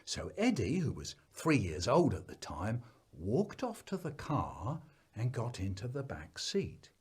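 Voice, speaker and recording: A man telling a comic story about his family in an animated, playful way. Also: medium pitch, a little slow, husky.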